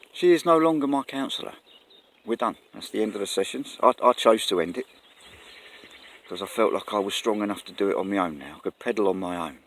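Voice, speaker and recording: Earnest rambling man outdoors. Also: fairly low pitch. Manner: rambling, earnest, self-correcting. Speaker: vlogger. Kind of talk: casual talk to camera. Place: outdoors in the countryside. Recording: faint outdoor noise, birds.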